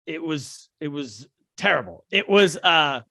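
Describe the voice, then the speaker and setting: A man, a stand-up comedian, telling animated, jokey stories as a podcast guest, with many restarts. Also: on the high side, a little slow, creaky. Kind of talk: casual podcast storytelling.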